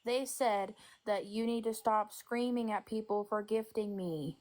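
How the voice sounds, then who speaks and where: A woman's voice: medium pitch, measured pace, a little mellow, low-quality recording. A woman on a livestream, arguing back firmly and insistently. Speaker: livestream participant. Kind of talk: casual livestream argument.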